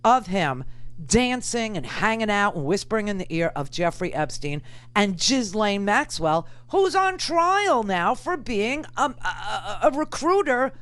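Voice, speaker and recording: A woman's voice: medium pitch, big pitch swings, unhurried, fairly bright tone. A middle-aged woman hosting political talk radio, emphatic and indignant, repeating phrases for effect. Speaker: radio talk show host.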